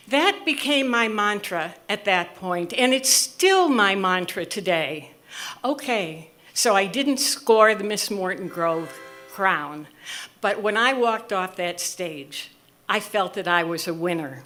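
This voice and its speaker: A woman in her sixties from the US Midwest, telling a comic personal story with animated delivery and careful enunciation. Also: medium pitch, takes it slowly. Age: 60s. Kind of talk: live storytelling.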